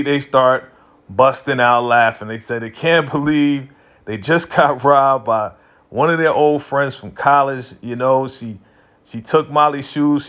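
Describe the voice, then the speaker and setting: A man talks through a TV episode in a relaxed, conversational way, constantly checking in with "you know" and "right?". He slips into the characters' lines mid-story as he retells the scenes. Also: mid-range voice. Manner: acts out characters' lines in quick asides. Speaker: TV recap vlogger. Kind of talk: casual episode recap.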